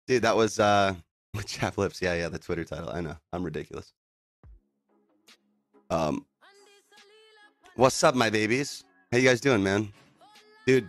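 A man's voice: fairly low pitch, a bit bright, dry recording. A man in a casual livestream chat at home, greeting viewers in a laid-back, upbeat way and saying "dude" and "man" a lot. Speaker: livestreamer and band singer. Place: at home indoors.

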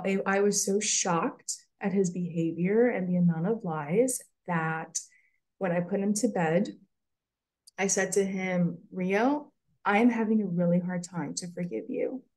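Woman, middle-aged mother, emotional, halting, repeats words, mid pitch. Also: darkish tone. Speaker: mother sharing her story. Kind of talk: emotional casual chat.

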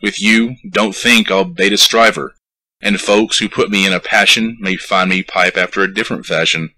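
A man reading a poem aloud, voicing a proud wandering piper who states his price calmly and firmly. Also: deep voice, normal speed, dry recording, exaggerated voice, poor audio. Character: proud wandering male piper, sly and stern. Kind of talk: poetry recitation.

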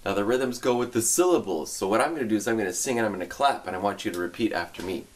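A man's voice: lowish voice, racing. A man teaching a music lesson to young children online. He gives upbeat directions and sings the tune for them to repeat.

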